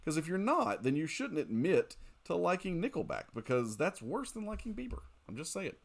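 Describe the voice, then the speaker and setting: This man's voice sits on the high side, swinging widely in pitch at a normal pace, with some vocal fry. He's live-streaming a mobile game late at night, chatting loosely, reading out viewer comments and laughing and joking a lot.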